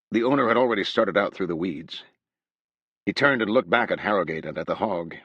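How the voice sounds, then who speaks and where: Low-voiced male audiobook narrator. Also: lively intonation, fairly quick, a bit bright, husky, no echo, dull audio.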